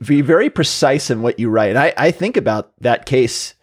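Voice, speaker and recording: Animated man telling self-deprecating stories. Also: medium pitch, moderate pace, husky. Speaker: podcast host and emergency physician. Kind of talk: casual chat, anecdotal storytelling.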